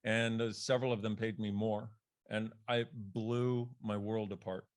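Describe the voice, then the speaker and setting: Animated man telling a story. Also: unhurried. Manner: animated, laughs, swears, acts out quoted voices with big pitch jumps. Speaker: author and guest. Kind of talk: storytelling in a podcast conversation.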